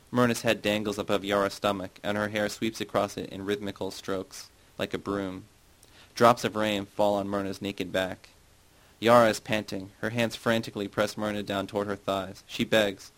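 A man with a low voice reading a literary novel aloud in first person. His narration is measured and even. He keeps the storytelling steady. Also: rough recording. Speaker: audiobook narrator.

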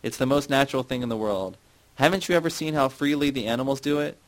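A man's voice: mid-range voice, fast talker, voice pushed up, lightly acted, poor audio. A man reading the part of a drunk young woman who insists and pleads. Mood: insistent.

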